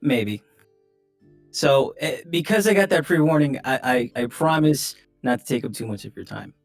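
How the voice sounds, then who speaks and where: A man voicing a smooth-talking, self-assured adventurer. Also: mid-range voice, animated, moderate pace, soft background music, voice pushed up. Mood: courteous. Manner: earnest, persuasive, polite.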